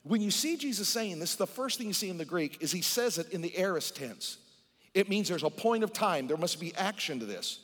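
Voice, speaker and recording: A male pastor preaching a fervent sermon to his church, talking straight to the congregation and swinging between hushed and loud. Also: high voice, animated, brisk. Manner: addresses the congregation directly. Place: church sanctuary. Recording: long church-hall reverb.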